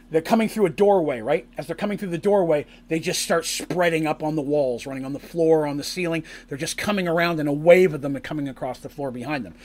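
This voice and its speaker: A man recapping a tabletop role-playing session as game master, in animated storytelling that bursts into acted character lines. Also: on the high side. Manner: lively, acts out characters' lines in shouts and squeals.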